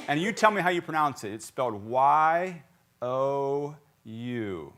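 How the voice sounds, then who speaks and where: A man's voice: medium pitch, takes it slowly. Joking raised male preacher. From South Carolina. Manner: lively, joking, quizzing the congregation. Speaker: pastor. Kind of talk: sermon. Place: church sanctuary.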